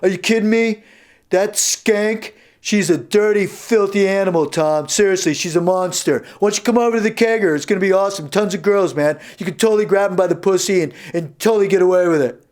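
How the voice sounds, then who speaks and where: A man voicing a boastful loudmouth high school jock who pushes his friend to come to a party. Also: a little fast, lightly acted. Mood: pushy. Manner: brash, pushy.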